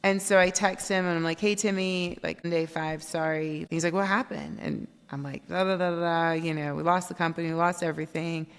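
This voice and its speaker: A woman guest on a podcast, telling her story in an animated way and acting out quoted dialogue. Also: lowish voice, brisk, few pauses, smooth. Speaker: guest, company founder. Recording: long reverb.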